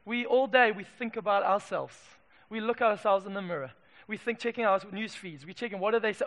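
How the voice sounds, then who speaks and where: A man preaching a sermon in a church, swinging from emphatic declarations to quiet asides. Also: high voice, brisk. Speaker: pastor. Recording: long hall reverb.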